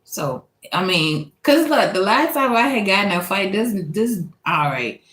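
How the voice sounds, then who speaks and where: A woman from Louisiana, telling a personal story in a casual, animated and profane way, laughing often. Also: mid-range voice, moderate pace. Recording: echoey room.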